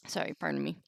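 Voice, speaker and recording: A woman's voice: fairly low pitch, gravelly, a bit bright, husky, no echo, studio quality. A woman teaching a language lesson on a live stream, chatty, laughing often and reacting to viewers' comments.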